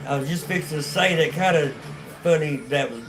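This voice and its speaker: A man's voice: on the high side, fairly quick, over music. A man with a North Carolina accent telling his life story on a casual livestream, rambling and profane, with many restarts and fillers. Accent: North Carolina Southern.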